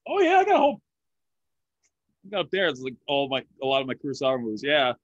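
A man's voice: mid-range voice, huge pitch swings, fast talker, dry recording. Chatty male podcast host, dry lo-fi sound. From United States. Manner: chatty film buff, laughs easily. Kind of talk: casual interview chat.

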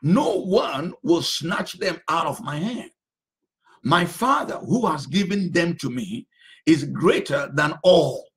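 A man's voice: sits high, sharp tone. A male pastor preaching a sermon, drawing out phrases and repeating them for emphasis.

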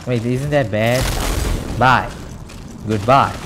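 A man giving live commentary over his own gameplay, excitable, joking and raging at the game. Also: mid-range voice, extremely slow, long pauses, background noise. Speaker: gaming channel host.

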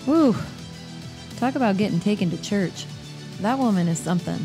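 Brief: warm-toned praise, woman host, mid pitch, faint music bed. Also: animated, normal speed. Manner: effusive, affirming, laughs readily. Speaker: podcast host. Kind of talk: podcast interview.

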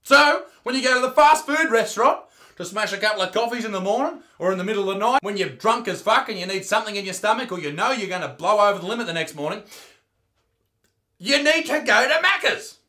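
A man's voice: high-pitched, animated, quick pace, pushed and bright. An Australian man doing a crude, mock-outraged comedy rant, reacting to clips.

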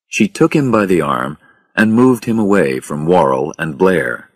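A man narrating a simplified story for English learners in a slow, very expressive reading. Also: low voice, slightly rough, dry recording, studio quality.

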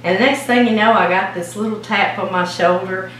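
A woman's voice: mid-range voice, a little fast, a bit bright, a little hiss or hum. A woman with a Louisiana accent, hosting a home cooking show and chatting folksily while she ices a cake. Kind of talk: casual chatty cooking demo. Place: home kitchen. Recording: echoey kitchen, mic at a distance.

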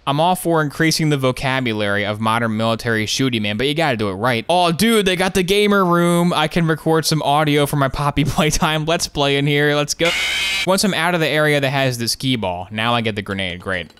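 A man's voice: a little high, expressive, a bit bright, smooth, no room sound. A man giving comedic, sarcastic commentary over gameplay, tossing off jokes and asides. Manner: joking, sarcastic, quick asides with laughs. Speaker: gaming commentator.

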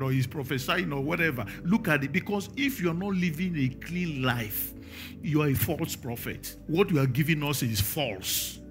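A man's voice: a little high, fairly bright tone. A man with a Nigerian accent preaching a sermon, emphatic and firing questions at the congregation.

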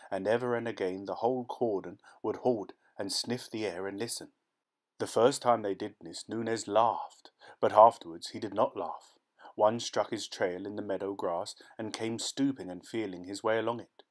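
A man narrating a classic short story as an audiobook, reading in a steady, measured way. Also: on the low side. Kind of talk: scripted narration.

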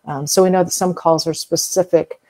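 Speaking a little fast in a low-leaning, warm voice with a steady tone, a middle-aged woman from the US South appears as a whale museum expert in an interview. She explains at length in a chatty manner, using everyday comparisons and frequent fillers.

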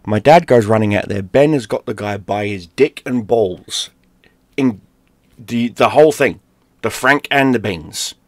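A gaming streamer from London, speaking in a low voice, tells a personal story. He is animated and profane, and he acts out the shouted lines as he goes. The sound is dry and close, with no room echo. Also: a little slow. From London, England.

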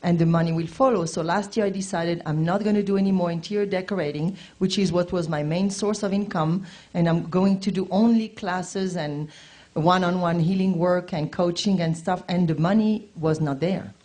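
Woman participant, lowish voice, earnest and doubtful. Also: normal speed, dark tone. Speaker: workshop participant. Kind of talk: audience question at a workshop.

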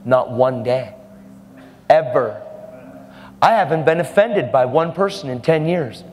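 A man's voice: mid-range voice, animated, unhurried, a little mellow, long reverb tail. A man preaching a fervent, emphatic sermon, laughing now and then between points.

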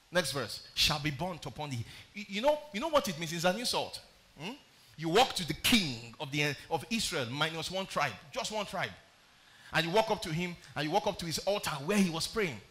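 A pastor preaching a sermon, reading scripture aloud and explaining it, often putting questions to the congregation. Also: male voice, fairly high pitch, expressive, a little fast, sharp tone. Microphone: streamed live sermon.

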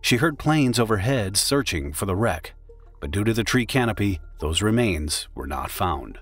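A man giving grave, steady scripted documentary narration. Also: on the low side, moderate pace, husky. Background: faint music.

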